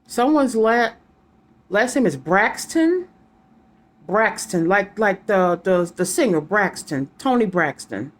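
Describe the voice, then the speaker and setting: A woman's voice: mid-range voice, expressive, slow. Rambling psychic woman, casual reading. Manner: rambling, repeats names and letters aloud. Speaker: psychic reader. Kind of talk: casual tarot-style reading to viewers.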